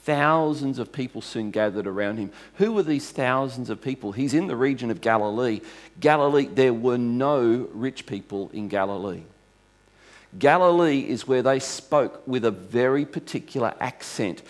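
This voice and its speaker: A man's voice: medium pitch, normal speed. A male pastor preaching a sermon to a congregation in a conversational, storytelling way, restarting phrases as he goes.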